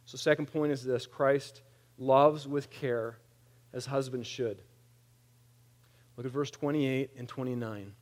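A man in his thirties preaching a conversational sermon, animated and plain-spoken, with wry humor. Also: medium pitch, takes it slowly, pauses often. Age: 30s. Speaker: pastor.

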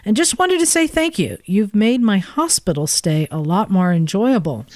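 A woman's voice: mid-range voice, animated, normal speed, a little mellow. Joking woman podcast co-host. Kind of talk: casual podcast chat, reading listener email.

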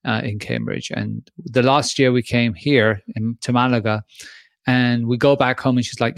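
A man's voice: medium pitch, steady tone, normal speed, dry recording. Male podcast co-host from Spain, jokey and loose, dry close sound. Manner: joking, mock sponsor plugs. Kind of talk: casual chat.

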